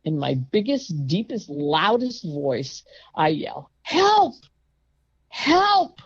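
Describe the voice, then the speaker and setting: An older woman telling a personal story in a casual, emphatic and indignant way, sometimes breaking into loud outbursts. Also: sits low, animated, takes it slowly, slightly rough, no echo, highs cut off.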